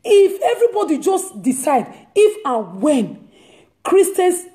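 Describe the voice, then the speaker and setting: A woman's voice: extremely high pitch, sing-song, slow, dark tone. A woman, hosting her own talk and preaching emphatically to her listeners, repeating phrases as she drives her point home. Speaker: host. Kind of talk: impassioned preaching monologue.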